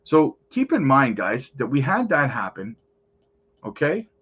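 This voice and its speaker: A man's voice: medium pitch, wildly swooping pitch, unhurried, slightly rough, muffled recording. A man hosting a crypto channel, chatting casually over market charts and often calling out to his viewers.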